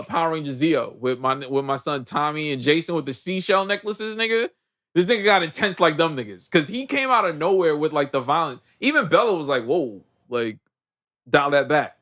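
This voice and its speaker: A man co-hosting a podcast, recapping a movie in casual chat with heavy slang and lively storytelling. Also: on the high side. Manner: animated storyteller, heavy slang, acts out characters. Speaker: podcast co-host.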